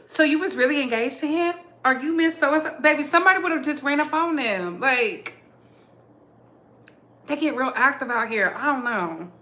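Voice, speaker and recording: A show host with a Southern US accent talks to her viewers in a loose, slangy, strongly opinionated way. Her voice is bright and sits a bit high for a woman. She keeps an animated, chatty commentary going. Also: normal speed. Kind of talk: casual commentary chat.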